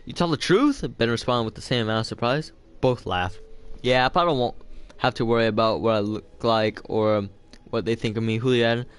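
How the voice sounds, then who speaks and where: A man's voice: mid-range voice, fairly even intonation, a little fast, smooth. A man reading a novel aloud for homework, casual and loose, stopping to add his own comments. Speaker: reader of a novel.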